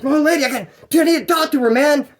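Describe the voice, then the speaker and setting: A man plays a frantic male inmate shouting into a jail payphone, his voice pushed high and strained. He curses and pleads in short bursts, desperate to reach his girlfriend. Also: big pitch swings, fairly quick. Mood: agitated.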